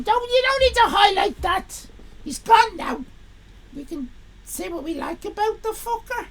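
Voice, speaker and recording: A woman's voice: extremely high pitch, expressive, a little slow, fairly bright tone, slight background noise, rough recording. Sweary sarcastic woman streamer. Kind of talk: live game stream with read-aloud text.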